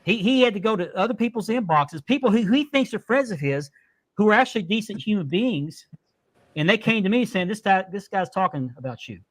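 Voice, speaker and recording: A man's voice: sits high, lively intonation, fairly quick, no echo. A man hosting a live-stream talk show who speaks indignantly and repeats his points for emphasis. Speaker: podcast host.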